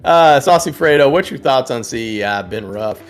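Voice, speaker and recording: A man's voice: medium pitch, lively intonation, normal speed, soft background music. A man hosting a live trading stream, chatting casually as he reads out prices and viewers' names, laughing and sometimes singing names. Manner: chatty, reads prices and chat names, sing-song repeats of names, laughs often. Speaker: livestream trading host. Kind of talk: casual live market commentary.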